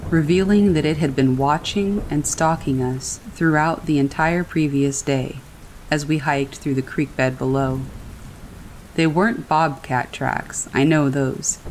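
A woman narrating horror stories in a calm, steady way, as a scripted reading. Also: low voice, slight background noise, poor audio. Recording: faint rain behind the voice. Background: rain falling.

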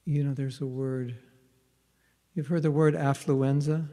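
A man's voice: mid-range voice, fairly even intonation, unhurried, warm tone, big-room sound. A man teaching a spiritual workshop in a conversational way, often checking in with his listeners. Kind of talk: interactive spiritual workshop talk.

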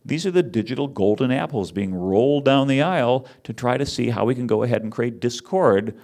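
A man giving a conference talk, wry and animated, teasing his audience as he speaks. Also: mid-range voice, fairly quick. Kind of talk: lively lecture with audience banter.

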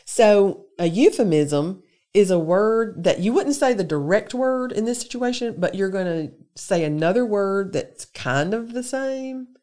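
A woman's voice: mid-range voice, lively intonation, unhurried, dark tone. A woman giving an earnest, conversational Bible lesson to a women's gathering. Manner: conversational, earnest, lists examples with emphasis. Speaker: women's day speaker.

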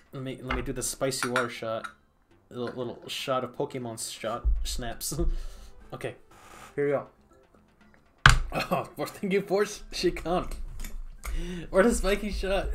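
A man streaming a game, chatting casually and playfully, laughing often and talking to the creatures on screen. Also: medium pitch. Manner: playful, giggly, talks to the game. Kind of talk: casual gameplay commentary.

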